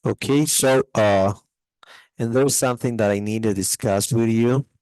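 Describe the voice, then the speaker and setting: A man teaching English grammar online, explaining in a relaxed way with many fillers. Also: medium pitch, measured pace, dry recording, rough recording. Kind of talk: online test-prep tutoring.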